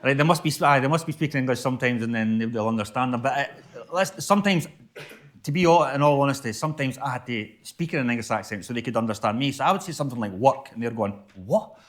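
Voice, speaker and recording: A man's voice: mid-range voice, fast talker, fairly bright tone. A man with a Stirlingshire Scottish accent, a poet answering audience questions at a live book festival, rambling with restarts. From Stirlingshire, Scotland. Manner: rambling, repeats and restarts, chatty. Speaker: guest poet.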